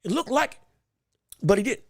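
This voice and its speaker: A man hosts a boxing podcast, commenting live on a fight. His voice sits very high with a gravelly rasp, and it is recorded close and dry with no room sound. He rambles, stammers and keeps correcting himself mid-thought. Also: expressive, moderate pace, dry recording. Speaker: podcast host.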